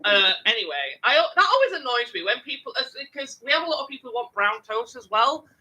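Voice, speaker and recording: Lively animated podcast storyteller. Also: mid-range voice, quick pace, poor audio. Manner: animated, swears a lot, mimics customers. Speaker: podcast co-host telling a work story. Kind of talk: casual chat, storytelling.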